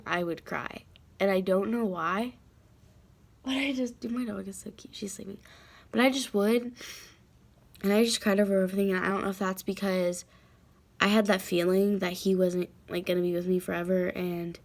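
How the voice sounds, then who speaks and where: A teenage girl talking casually and emotionally to her camera at home, rambling with many fillers and restarts. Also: mid-range voice. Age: teens. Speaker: vlogger. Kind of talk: casual confessional chat to camera.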